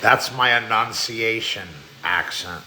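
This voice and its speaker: A man's voice: on the low side, slow pace, background noise. A man live-streaming, chatting playfully with viewers and repeating phrases over and over like a chant. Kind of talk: casual live-stream chat.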